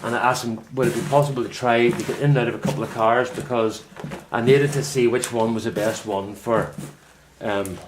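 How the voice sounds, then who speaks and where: A man's voice: mid-range voice, fairly even intonation, brisk, a little hiss or hum. A man with a Northern Irish accent chatting casually to camera from his greenhouse, rambling and correcting himself as he tells a story. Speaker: vlogger. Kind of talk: casual chat.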